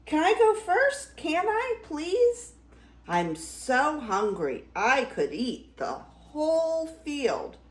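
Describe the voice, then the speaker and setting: A woman doing a tiny young billy goat with a high, squeaky, pleading voice that bounces all over. It comes from a slow storybook reading in an echoing room. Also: wildly swooping pitch, recorded from a distance, exaggerated voice. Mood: pleading, eager. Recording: roomy echo.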